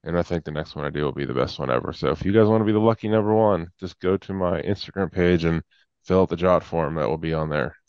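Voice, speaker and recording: A man's voice: sits low, quick pace, a little mellow, clear, resonant tone, no room sound. A tired man co-hosting a casual podcast, blunt and laid-back. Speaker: podcast co-host. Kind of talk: casual chat. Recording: dull lo-fi sound.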